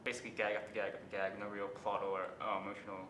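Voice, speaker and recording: Fast, profane man reviewing a film. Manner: blunt, profane, fast and excitable. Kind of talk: casual film review chat. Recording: roomy room with faint rumble.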